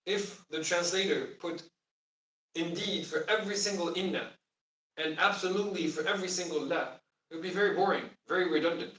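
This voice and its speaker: Fairly quick and pitched high, his voice carries a fairly bright tone. The man leads a lesson on the Arabic of the Quran, patiently explaining and questioning the class, with the recording sounding roomy and distant.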